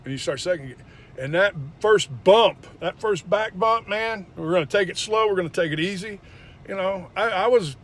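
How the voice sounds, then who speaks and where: A man's voice: sits high, a bit bright. A young man bluntly telling a personal story, with frequent swearing and emphatic retellings. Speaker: former indie wrestler.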